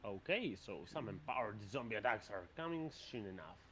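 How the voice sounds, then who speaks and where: Guy running the game, lively voice, narrating monster moves, faint hiss behind. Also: fairly low pitch, brisk. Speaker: game master.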